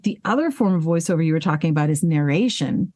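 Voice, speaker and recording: A woman voice actress and singer talking candidly as an interview guest, animated, swearing freely and laughing at herself, with hiccups breaking in now and then. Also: low voice, quick pace, dry recording, studio quality. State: hiccuping and burping. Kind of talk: casual interview conversation.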